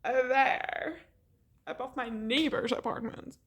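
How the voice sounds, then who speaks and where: A young woman telling a rambling, animated story in a casual vlog, laughing often and swearing. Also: high voice, slow.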